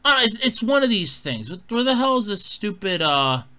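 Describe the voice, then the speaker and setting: A man with a high, lively voice rants about a video game. He swings all over his range, from muttered disgust to loud, profane outbursts. His tone is bright and edgy throughout. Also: fairly quick. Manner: exasperated, profane, shouting bursts. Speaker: gaming commentator. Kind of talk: angry gaming rant.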